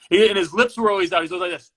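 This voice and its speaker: This is an easygoing man co-hosting a casual chat. His voice is fairly high and bright. He often answers with short, agreeing replies. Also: low-quality recording. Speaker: co-host of a horror movie discussion.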